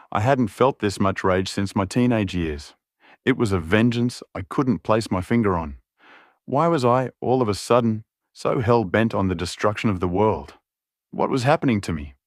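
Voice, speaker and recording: A man narrating a romance audiobook in the first person, steady and brooding. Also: on the low side, dry recording, clean studio sound.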